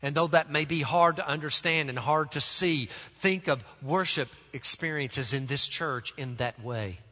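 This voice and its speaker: A man preaching a sermon as pastor. He speaks emphatically, with deliberate pauses, and often drops to soft, low tones. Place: church sanctuary. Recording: long church reverb.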